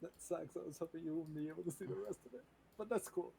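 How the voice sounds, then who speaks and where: A man's voice: high-pitched, fast talker, gravelly, mellow, slight background noise, poor audio. A man narrating a tabletop game as dungeon master in a chatty, loose way over a video call. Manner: chatty, loose, many "like" fillers.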